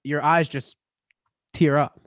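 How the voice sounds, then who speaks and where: A young man co-hosting a podcast, relaxed and teasing his friend. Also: on the high side, slow pace, dry recording, studio quality. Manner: laid-back, laughing, teasing. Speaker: podcast co-host. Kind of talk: casual chat.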